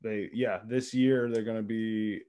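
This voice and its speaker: A man co-hosting a casual chat, telling animated stories with frequent laughs and swearing. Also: on the low side, measured pace, clean tone. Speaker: podcast co-host.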